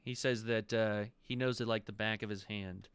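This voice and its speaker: A man running a tabletop game as game master, narrating in a relaxed, descriptive way with quick asides. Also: on the low side, clean tone, no echo.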